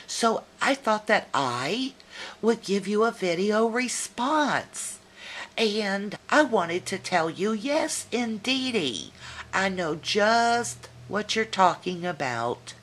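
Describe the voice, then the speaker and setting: A woman's voice: lowish voice, a bit bright. A middle-aged woman with a Southern US accent, chatting casually and telling folksy stories to a viewer in a video message. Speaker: vlogger.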